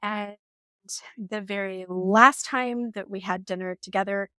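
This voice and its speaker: A woman in her forties telling a personal story on her vlog in an animated, emotional way, laughing now and then. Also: medium pitch, measured pace, clear, resonant tone, no echo, clean studio sound. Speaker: vlogger.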